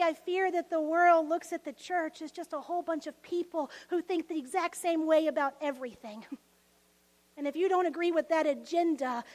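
A woman pastor preaching a sermon with passion, swinging from emphatic lines to soft whispers. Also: sits high, in a large hall, low-quality recording.

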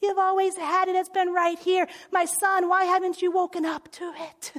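A woman voicing a gentle father who speaks softly and tenderly to his son, in a sermon retelling. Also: extremely high pitch, flat delivery, moderate pace. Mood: reassuring. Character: gentle loving older father.

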